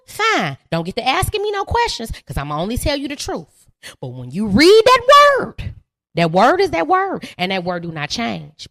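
A woman hosting a live podcast, giving profane, preachy, animated commentary. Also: on the high side, no echo, clean studio sound. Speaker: podcast host.

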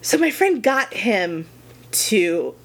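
A woman's voice: mid-range voice, sing-song, slow pace, a bit bright. A woman co-hosting a podcast, telling a rambling, gushing story in casual chat. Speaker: podcast co-host.

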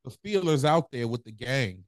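A man's voice: medium pitch, sing-song, normal speed, a crowd in the background. Laid-back young man with a Mississippi accent. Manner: laid-back, rambling storytelling with slang. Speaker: podcast co-host. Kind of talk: casual podcast banter.

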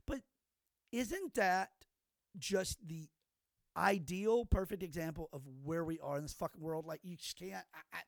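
A man's voice: high-pitched, unhurried, gravelly, no echo. Profane, rambling older man, dry sound. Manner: rambling, profane storyteller with many restarts. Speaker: podcast co-host. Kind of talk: casual chat.

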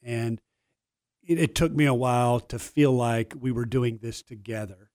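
A man's voice: medium pitch, unhurried, darkish tone, no echo. An older man, a studio interview guest telling stories in a humble, self-deprecating way. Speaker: guest, former player and broadcaster. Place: radio studio.

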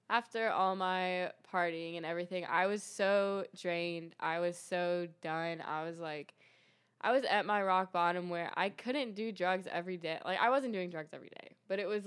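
A woman's voice: fairly low pitch, measured pace, a bit bright, clear, resonant tone. A young woman telling her faith testimony in a casual chat, earnest and full of fillers and restarts. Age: young adult. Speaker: guest sharing testimony.

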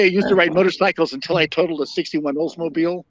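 An older man, a podcast guest and former fire captain, telling long stories in a halting way with many fillers and restarts. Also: on the high side, no room sound. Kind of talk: storytelling interview. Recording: dull lo-fi dry sound.

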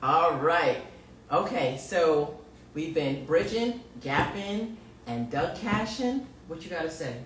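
A woman's voice: low-pitched, expressive, slow, slight background noise. Giggly mother hosting, roomy and distant. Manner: giggly and playful, apologetic. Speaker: podcast co-host, mother. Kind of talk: casual chat. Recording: roomy, off-mic with faint ambience.

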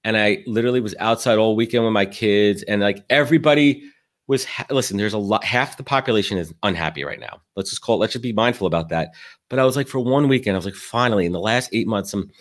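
A man hosting a podcast, telling rambling, animated stories with many restarts in casual talk. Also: on the low side, fast talker. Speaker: podcast host.

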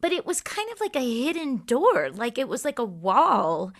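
A woman's voice: sits high, huge pitch swings, normal speed. A woman, a musician and co-host, chatting casually and sympathetically about a gig she played with her bandmate. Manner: sympathetic, reacts with laughs and exclamations. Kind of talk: casual chat.

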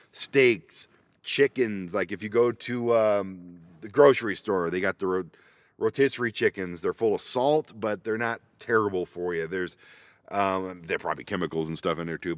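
A low-voiced man, with no echo on the recording, rambles in a casual solo chat and keeps mocking himself in goofy asides. The vanlife vlogger is recording on his laptop microphone in a parked minivan.

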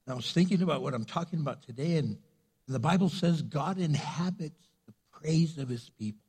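A man's voice: on the high side, brisk, a little mellow, slightly rough. An older man preaching a sermon as pastor in a church sanctuary, talking conversationally with frequent fillers.

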